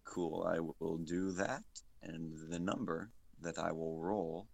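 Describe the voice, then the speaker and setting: A man's voice: low-pitched, steady tone, slow pace, vocal fry, a little mellow. A man playing in a tabletop role-playing game, talking casually and hesitantly with frequent restarts. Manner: hesitant, stammering, lots of restarts. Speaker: player.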